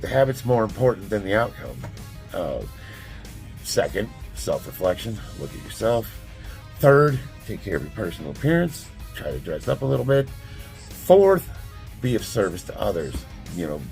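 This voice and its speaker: A man's voice: on the low side, creaky. A man giving blunt, plainspoken life advice in a casual talk to camera.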